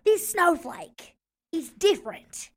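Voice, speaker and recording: A woman voicing a gruff, antisocial male druid soldier who talks deadpan and halting. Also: fairly high pitch.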